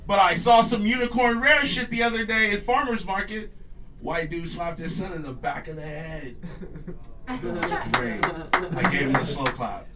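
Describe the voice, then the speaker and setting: A man in his thirties from Los Angeles doing a stand-up set, swinging between loud laughing shouts and low mutters. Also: animated, moderate pace, distant mic, noisy background. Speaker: stand-up comedian. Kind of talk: stand-up routine before a live audience. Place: garage studio with live audience. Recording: voice from off-mic with audience laughter. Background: audience laughing.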